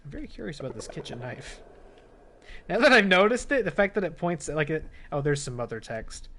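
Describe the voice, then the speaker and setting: A man giving relaxed, musing gameplay commentary as he plays a horror game, with asides to viewers. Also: a little high, fairly quick, a little hiss or hum. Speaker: gamer playing a horror game. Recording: loud game music behind.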